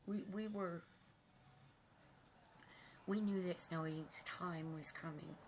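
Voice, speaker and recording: A woman with a low voice talks tearfully to her channel's viewers, halting often and filling pauses with ums. Her speech is emotional and unpolished, a casual vlog. A faint hiss sits under the recording. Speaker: vlogger.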